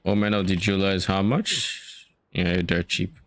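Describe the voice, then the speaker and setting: A young man chatting casually while playing a game, relaxed, swearing lightly and trailing off mid-thought. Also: deep voice, a little slow, dry recording. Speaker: co-player. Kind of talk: casual gaming chat.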